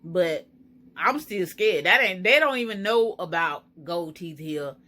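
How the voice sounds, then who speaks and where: A woman's voice: on the low side, animated, a little slow, sharp tone. A woman from Florida, chatting anxiously and emotionally to her viewers in a casual home vlog. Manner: anxious, emotional, talks to viewers as girl and y'all. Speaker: vlogger. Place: home kitchen.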